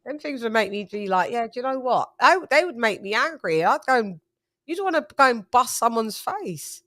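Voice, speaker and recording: A woman's voice: fairly high pitch, big pitch swings, normal speed, pushed and bright, no room sound. Woman going off about boxing, swears a lot, pretty dry sound. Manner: blunt, profane, emphatic. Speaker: channel host. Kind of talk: casual live watch-along chat.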